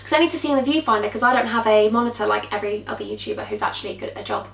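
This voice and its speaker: A young woman in her twenties chatting her way through a makeup tutorial, telling a gossipy story with animated indignation. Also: on the high side, rapid-fire. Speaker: beauty vlogger. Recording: echoey room.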